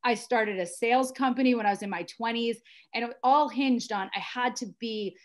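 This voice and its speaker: A woman's voice: fairly high pitch, normal speed. A middle-aged American woman telling her personal story as a podcast guest, earnest and intense. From United States. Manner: earnest and intense, with frequent restarts.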